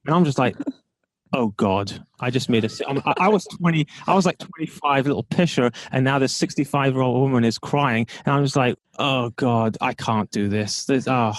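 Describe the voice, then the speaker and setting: A man tells a story as a podcast guest, lively and expressive, slipping into quoted voices and laughing now and then. His voice sits at a middle pitch. The recording is dry and close, with little room sound. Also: no room sound. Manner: animated, acts out quoted dialogue, laughs often. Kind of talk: storytelling in a casual interview.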